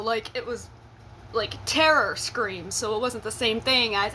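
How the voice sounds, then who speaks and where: Young woman, high-ish voice, blunt cussing storyteller who laughs as she goes; casual vlog delivery. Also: normal speed, pushed and bright, a little hiss or hum. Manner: blunt and profane, with laughing asides. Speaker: vlogger telling a personal story.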